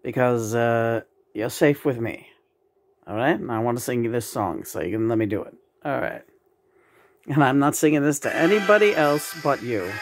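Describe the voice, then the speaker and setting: A woman channeling the spirit of a late male rock musician, talking in a lowered, soothing then gossipy way. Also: expressive, moderate pace, no echo, full character voice.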